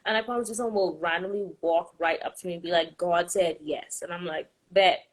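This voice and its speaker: A woman, a podcast host chatting casually about faith in a fast, emphatic, sassy way. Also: lowish voice, fairly even intonation, low-quality recording.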